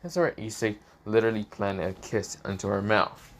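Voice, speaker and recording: A man reading an improvised fan story aloud in a rambling, halting way full of fillers. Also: fairly low pitch, fairly even intonation.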